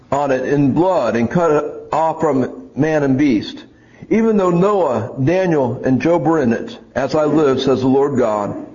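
A man's voice: on the high side, darkish tone. Earnest male preacher on a lo-fi recording. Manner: earnest, repeats words when restarting. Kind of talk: sermon with scripture reading. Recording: dull lo-fi recording.

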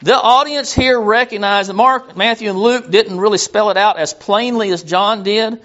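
A high-voiced man preaching a sermon. He rambles, stumbles over repeated words and loses his place as he reads. The recording sounds dull and lo-fi. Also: moderate pace, a bit bright.

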